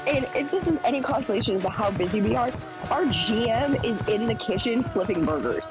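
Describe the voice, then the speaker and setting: A woman's voice: fairly high pitch, a little fast, poor audio. A young woman streamer telling a work story in casual chat, acting out the people she quotes. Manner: animated, acts out quoted voices. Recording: music playing behind.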